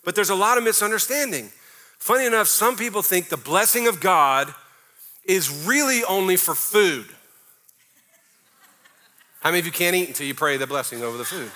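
A middle-aged male pastor preaches with a high, bright voice. He talks to his congregation in an emphatic, conversational way, often tossing in playful mock prayers. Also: animated, moderate pace, long pauses. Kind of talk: sermon.

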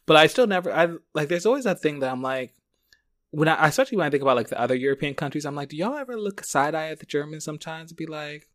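A man's voice: fairly high pitch, lively intonation, quick pace, a bit bright, no echo, clean studio sound. A man co-hosting a casual chat, laid-back and playful, using camp slang.

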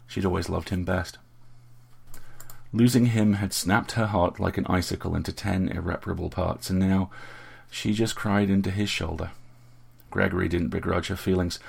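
Deep, gravelly male narrator. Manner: steady, measured storytelling. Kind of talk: audiobook narration.

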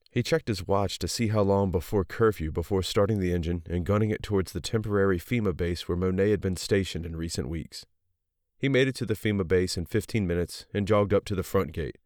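A man with a very deep voice reads a story aloud in a steady, even narrating manner. The recording is dry and close, with no room sound. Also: no room sound. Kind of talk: audiobook narration.

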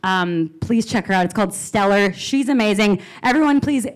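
A woman hosting a comedy show, loudly hyping the acts with crude banter. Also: medium pitch, expressive, normal speed. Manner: loud, hyped, crude banter. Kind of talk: emceeing.

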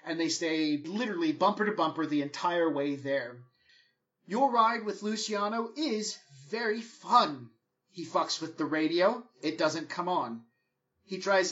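A man narrating as game master in a relaxed, rambling way. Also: on the high side. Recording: dull lo-fi recording.

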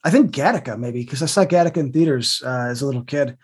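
A husky-voiced co-host chatting casually, lively and quick to act out little quotes. The talk often stumbles into stammering restarts before rushing on. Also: mid-range voice. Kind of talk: casual chat.

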